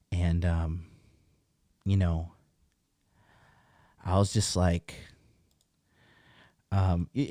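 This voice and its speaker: A man's voice: low voice, steady tone, normal speed, long pauses, dark tone, no room sound, clean studio sound. A man in his thirties hosting a casual livestream, talking bluntly and profanely in a rambling way. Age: 30s. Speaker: podcast host.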